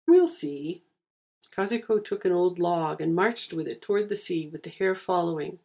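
Low gravelly woman narrating a story. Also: a little fast, a little mellow. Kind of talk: reading a fantasy story aloud.

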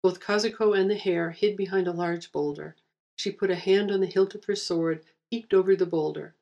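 A woman reading a fantasy story aloud with steady, wry narration. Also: on the low side, normal speed, highs cut off.

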